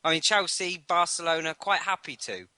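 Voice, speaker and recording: A man hosting a football fan podcast, chatting casually and swearing excitably about match predictions. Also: on the high side, normal speed, dry recording. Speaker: podcast host. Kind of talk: casual sports podcast banter.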